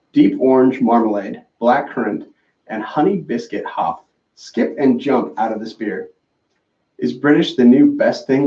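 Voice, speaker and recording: A man co-hosting a casual beer-tasting chat, relaxed and laughing easily, who reads label text aloud plainly. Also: mid-range voice. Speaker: podcast co-host. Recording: far-off mic in an echoey room, dull sound.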